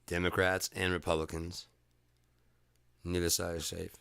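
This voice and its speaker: A man with a low-pitched, forceful and crisp voice talks on his livestream. He rants with heat and curses freely, often doubling back and restarting his sentences. The sound is dry and close. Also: flat delivery, normal speed, no echo. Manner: profane, heated ranting; rambling with restarts. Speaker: livestream host. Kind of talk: casual chat.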